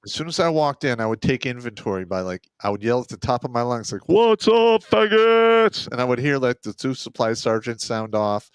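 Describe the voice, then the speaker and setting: A man's voice: mid-range voice, fast talker, hardly any pauses, clear, resonant tone, dry recording. Blunt, profane older-sounding man. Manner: blunt, profane army-sergeant storytelling. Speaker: co-host. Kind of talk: casual podcast banter.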